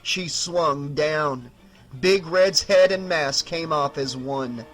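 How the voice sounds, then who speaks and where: A man narrating a horror novel as an audiobook in a measured, dramatic reading. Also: on the high side, fairly bright tone, soft background music, poor audio.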